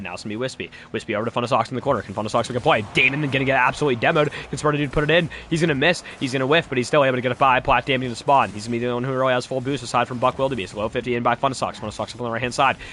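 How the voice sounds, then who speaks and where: Fast, bright young man calling a match. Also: medium pitch, slight background noise. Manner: rapid, repetitive play-by-play with jokey asides. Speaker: esports caster. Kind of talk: live play-by-play commentary.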